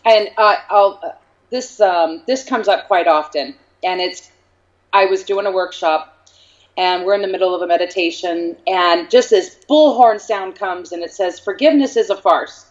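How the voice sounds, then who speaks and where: A woman medium talking as an interview guest, telling stories in a lively way and acting out bits of dialogue. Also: on the low side, normal speed. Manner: animated storyteller, acts out dialogue. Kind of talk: casual interview talk. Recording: slightly dull lo-fi sound.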